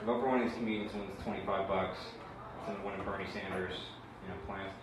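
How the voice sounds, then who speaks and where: This young stand-up comedian has a deep voice, a steady tone, and a fast way of talking. His open mic set rambles, leans on fillers, and keeps putting himself down, while the crowd in the small room laughs over background noise. It was captured from a distance as an echoey live bootleg.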